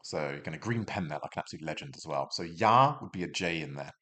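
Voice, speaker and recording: A young man with a low voice walks learners through a German lesson he recorded himself. He keeps it casual and chatty, drifting into rambling asides and poking fun at himself along the way. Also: lively intonation, quick pace, fairly bright tone. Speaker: German teacher.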